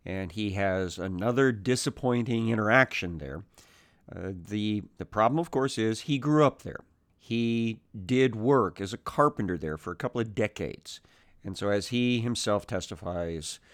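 Slow, low-voiced man teaching Scripture. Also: no room sound, clean studio sound. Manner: measured, thoughtful, with frequent "uh" pauses and restarts. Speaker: Bible teacher. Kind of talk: unhurried Bible teaching.

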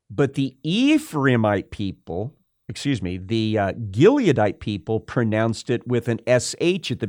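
A man preaching a verse-by-verse Bible sermon, explaining slowly and deliberately with frequent pauses and fillers. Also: medium pitch, a little mellow, no room sound, clean studio sound.

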